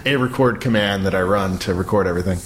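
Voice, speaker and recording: Fast-talking man repeating words. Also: deep voice, a little hiss or hum. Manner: quick, repeats words as he restarts. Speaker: podcast co-host. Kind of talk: casual chat.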